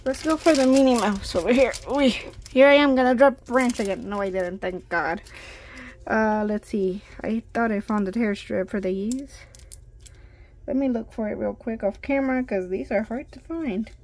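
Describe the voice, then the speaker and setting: A woman's voice: a little high, normal speed, a little mellow, slight background noise. A woman hosting a toy unboxing video, chatty and giggly, exclaiming over tiny toys. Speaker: toy review host. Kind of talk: casual unboxing chat.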